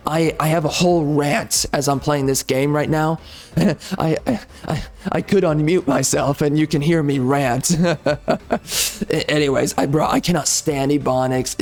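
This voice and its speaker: A man's voice: fairly high pitch, darkish tone. A man ranting in a heated, repetitive way with casual slang while giving gameplay commentary.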